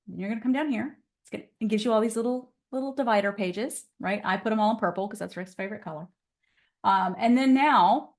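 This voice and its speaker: A woman teaching a casual live online class on real estate, chatty and upbeat and often laughing, on a computer mic over a video call. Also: on the high side.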